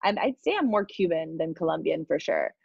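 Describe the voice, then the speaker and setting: Bubbly American woman guest with a husky voice, on a dull lo-fi line. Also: sits low, lively intonation, brisk, no room sound. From United States. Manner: bubbly, laughs often. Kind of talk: casual interview chat.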